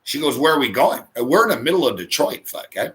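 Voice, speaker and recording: A middle-aged Canadian man hosting a show, telling a profane, animated story and swearing constantly. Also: medium pitch, fast. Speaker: host.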